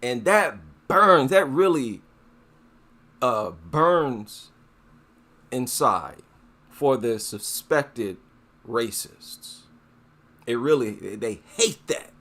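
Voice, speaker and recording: A man holds forth in a casual commentary monologue, his voice sitting at an ordinary middle pitch. He talks slowly and deliberately, stretching out key words and climbing higher on the points he wants to land, with fillers and restarts along the way. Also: expressive, bright, forceful tone. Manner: slow, deliberate talk with filler words and repeats; drawn-out emphasis, rising pitch on stressed points. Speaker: commentary channel host.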